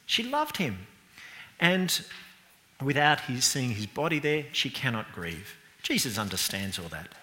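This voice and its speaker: A man preaching a sermon as pastor, chatty and lively, asking the congregation questions and speaking with a British accent. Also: on the high side. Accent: British English. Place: church hall. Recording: long reverb from a church hall.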